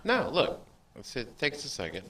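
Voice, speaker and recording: A man's voice: mid-range voice, huge pitch swings, moderate pace, a bit bright. A man cohosting a casual gear show, making dry offhand remarks. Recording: distant mic with faint noise.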